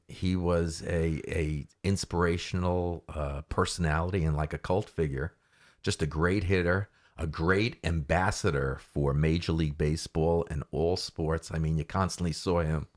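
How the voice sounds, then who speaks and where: A man hosting a casual chat show, rambling with many fillers as he enthuses. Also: rumbling low. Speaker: host.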